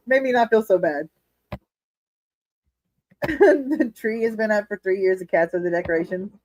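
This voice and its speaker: A woman chats casually on her own livestream, speaking in an ordinary middle register. She is candid and quick to laugh, and she swears freely. The sound is close and dry, with no room echo. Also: medium pitch, darkish tone. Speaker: livestream host reading chat. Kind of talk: casual chat. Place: home living room.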